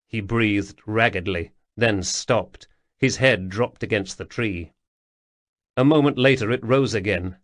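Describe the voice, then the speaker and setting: A man narrating a fantasy audiobook in a measured, steady way. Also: lowish voice, no room sound, clean studio sound. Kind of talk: scripted narration.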